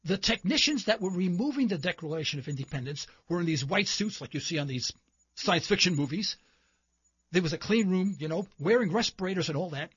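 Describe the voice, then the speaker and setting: A man's voice: high-pitched, animated, fairly quick, fairly bright tone, breathy edge, no room sound, lo-fi sound. A man hosting a talk show, delivering an impassioned political commentary monologue full of rhetorical questions and indignant emphasis.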